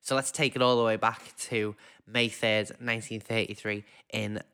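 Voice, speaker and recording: A man's voice: on the low side, flat delivery, moderate pace, bright, forceful tone, smooth. A man co-hosting a podcast in casual chat, dry and joking, laughing often. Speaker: podcast co-host.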